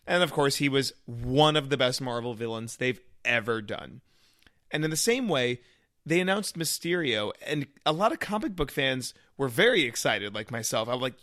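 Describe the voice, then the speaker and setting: A man chatting casually about a movie, acting out reactions with quick quoted asides. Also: a little high, sing-song, a bit bright, no room sound, clean studio sound. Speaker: co-host. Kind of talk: casual movie review chat.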